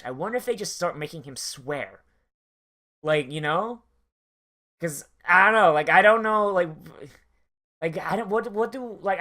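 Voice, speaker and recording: A young man hosts a casual anime reaction, his voice sitting a little higher than most men's. He rambles from thought to thought, swears freely, and keeps restarting his sentences with plenty of fillers. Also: fairly bright tone.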